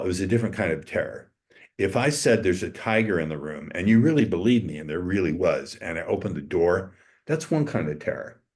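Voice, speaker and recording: An older man, an interview guest, telling a story in a blunt, emphatic way and swearing freely. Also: low voice. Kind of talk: casual storytelling.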